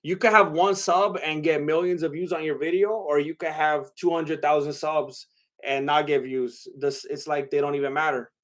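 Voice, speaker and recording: A young man chats loosely on a livestream, his voice sitting a little high for a man. He rambles and hesitates, trailing off into fillers and starting his sentences over. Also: fairly even intonation, moderate pace, a bit bright. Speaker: livestream host reading chat. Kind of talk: casual livestream chat.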